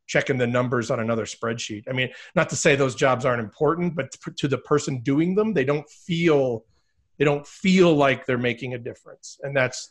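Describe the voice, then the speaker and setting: Emphatic man talking as a podcast guest. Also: medium pitch. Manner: animated and emphatic, with rhetorical questions. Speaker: podcast guest, speaker and author. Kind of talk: casual interview chat.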